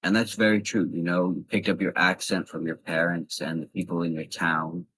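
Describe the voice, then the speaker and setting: A man's voice: deep voice, level tone, moderate pace, a bit bright, breathy edge, dry recording, poor audio. A young man from the East Coast of the US giving casual advice in a vlog, talking earnestly in loose, rambling sentences. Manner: earnest, loosely structured talk with fillers. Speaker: vlogger.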